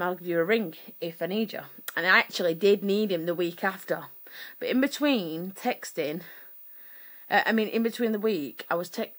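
A woman, from Sheffield, telling a personal story to camera in a rambling, chatty way full of fillers and self-corrections. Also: lowish voice. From Sheffield, England. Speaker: vlogger.

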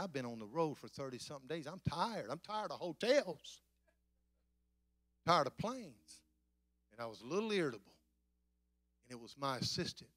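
A man preaching in a church, telling a story conversationally that builds to emphatic, repeated declarations. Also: medium pitch. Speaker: guest preacher. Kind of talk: sermon. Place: church sanctuary.

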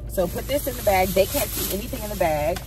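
A woman hosting a casual family vlog, talking with excitable, gushing exclamations. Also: mid-range voice, fast talker, music in the background. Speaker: vlog host.

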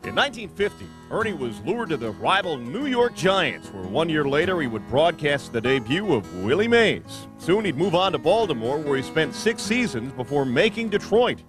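A man narrating a documentary tribute in a measured, scripted delivery. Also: on the high side, very animated, over music.

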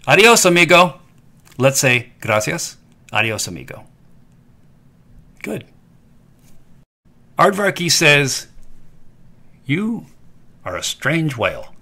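Playful, lively-voiced male language teacher. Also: mid-range voice. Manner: playful, repeats phrases for learners to echo. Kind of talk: scripted narration for a kids' lesson.

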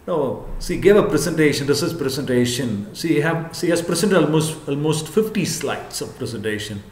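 A male professor giving an earnest lecture to camera, repeating his points and often pausing on "what you call". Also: medium pitch. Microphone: camera, speaking to camera. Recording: echoey room.

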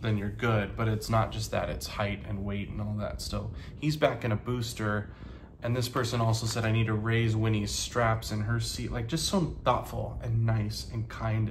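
Halting, soft-spoken man in his thirties. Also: lowish voice, a little hiss or hum. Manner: halting, soft-spoken, many ums and pauses; earnest and grateful. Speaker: vlogger and teacher. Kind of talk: casual talk to camera.

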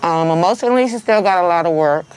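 A woman's voice: on the low side, fast talker, darkish tone, a little hiss or hum, poor audio. A middle-aged woman giving a heartfelt, tearful interview as a victim's aunt. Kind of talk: emotional interview.

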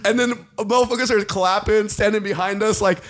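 A man's voice: high-pitched, brisk. A young man co-hosting a podcast, telling a bar story in slangy casual chat and acting out the quotes. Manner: animated, slangy, acts out quotes. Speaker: podcast co-host.

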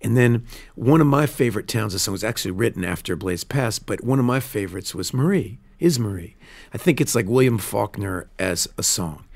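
Gravelly-voiced man telling a story. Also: on the low side, moderate pace. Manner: earnest, animated storytelling with restarts. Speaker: film director. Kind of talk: casual studio interview. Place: radio studio.

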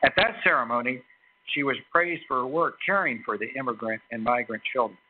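A man giving a formal introduction of a guest speaker at a lecture, halting often with fillers and restarts. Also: mid-range voice, a little hiss or hum. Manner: hesitant, many fillers and restarts. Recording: tinny phone-like recording.

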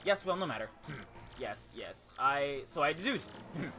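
A man voicing a pompous, self-assured male detective in a video game, making theatrical, drawn-out accusations. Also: on the high side, sing-song, bright, forceful tone, faint music behind. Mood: smug. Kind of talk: reading game dialogue aloud in voices.

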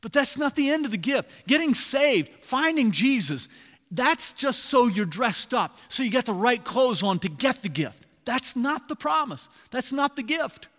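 A man preaching a sermon as pastor, animated, swinging between loud emphasis and hushed asides. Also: very high-pitched, a little slow. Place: church sanctuary. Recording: long reverb in a large hall.

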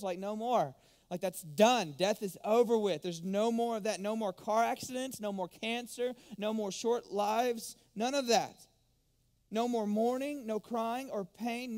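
A man, preaching a sermon as pastor, emphatic and animated, sometimes dropping to a hush. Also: high-pitched. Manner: animated, emphatic, drops to hushed tones.

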